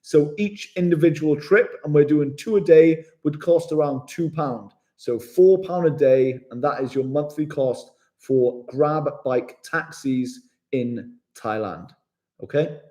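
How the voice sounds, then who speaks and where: A man's voice: fairly high pitch, unhurried, dark tone. A man, chatting casually on a live stream as a travel vlogger, reading out viewer comments in a matey way.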